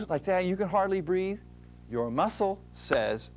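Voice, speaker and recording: A man's voice: high-pitched, expressive, unhurried, gravelly, a little hiss or hum. A man from the United States explaining fitness at a diagram in a folksy manner, acting out muscles talking. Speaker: fitness instructor. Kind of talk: explaining at a whiteboard.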